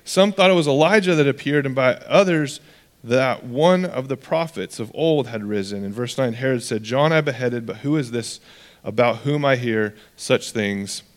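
Guy preaching, chatty, does little voices for the bible folks, mid pitch. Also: moderate pace. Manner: conversational, casual asides and quoted dialogue. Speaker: pastor. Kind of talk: sermon.

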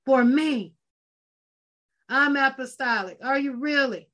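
A woman's voice: sits high, lively intonation, slow, pushed and bright. A woman preaching a sermon with fervent, emphatic delivery, repeating phrases and breaking into exclamations.

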